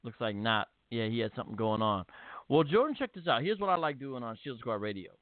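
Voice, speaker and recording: A man's voice: medium pitch, quick pace, dry recording. Man hosting a call-in show over a tinny line. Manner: relaxed, conversational, many fillers. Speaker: host. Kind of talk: casual radio show chat. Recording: tinny phone-line audio.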